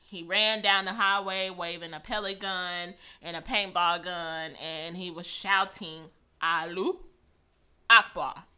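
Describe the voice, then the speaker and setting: A woman's voice: on the low side, fairly even intonation, a little slow, few pauses, pushed and bright, clear, resonant tone. A woman hosting a radio talk show, earnestly reading out news topics with many "um" fillers and some stumbles.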